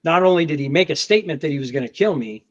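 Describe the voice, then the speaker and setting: A federal agent talks very fast in a slightly high voice as he recounts a confrontation on lo-fi, dull-sounding podcast audio. Animated and conversational, he repeats words, restarts often, and acts out what people shouted.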